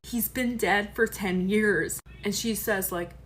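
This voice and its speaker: A woman's voice: mid-range voice, slow, slight background noise. A young woman comedian telling a personal family story to her phone camera, candid, profane and emotional. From Korea heritage.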